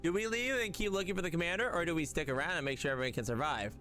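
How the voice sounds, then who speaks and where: Reading a game's dialogue and narration out loud on a casual reaction stream, a man trips over words and corrects himself frequently. His slightly high voice sounds pushed and bright, and he talks very fast over faint background music.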